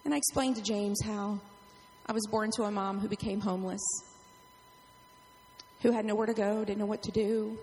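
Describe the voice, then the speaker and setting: A middle-aged woman pastor preaching a sermon, telling a personal story in an animated way. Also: mid-range voice, moderate pace, pauses often, in a large hall, slight background noise.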